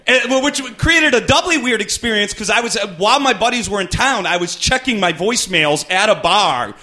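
A man's voice: high voice, lively intonation, a little fast, hardly any pauses, pushed and bright. Rambling stand-up comedian man. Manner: rambling, self-deprecating delivery with restarts. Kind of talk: stand-up storytelling.

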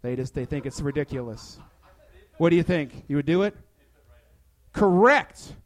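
Brief: young male comedian, high voice, playful and a bit hesitant. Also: expressive, normal speed. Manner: playful, hesitant with many fillers. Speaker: stand-up comedian. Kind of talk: comedy bit then casual interview chat.

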